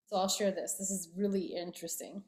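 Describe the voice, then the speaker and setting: Woman podcaster thinking out loud, open and personal, lowish voice. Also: flat delivery, brisk, roomy sound. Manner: candid, musing, emotional. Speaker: podcast host. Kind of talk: reflective personal podcast talk.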